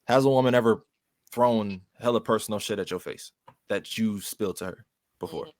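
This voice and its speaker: A man's voice: fairly low pitch, moderate pace, darkish tone, no echo, clean studio sound. A man co-hosting a casual podcast, laid-back and slangy, putting questions to the others. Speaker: podcast co-host.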